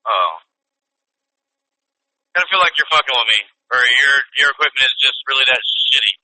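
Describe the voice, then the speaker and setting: Bright-voiced man teasing on a phone call. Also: mid-range voice, expressive, brisk, no room sound. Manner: teasing, dry and mock-serious. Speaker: podcast co-host. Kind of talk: casual phone call chat.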